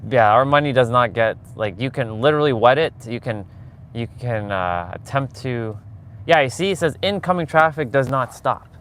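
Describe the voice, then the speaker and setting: A man's voice: mid-range voice, expressive, normal speed, a bit bright. Chatty man driving, road noise. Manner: rambling, chatty, talks to viewers. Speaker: vlogger. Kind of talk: casual live-stream chat while driving. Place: in a car on city streets.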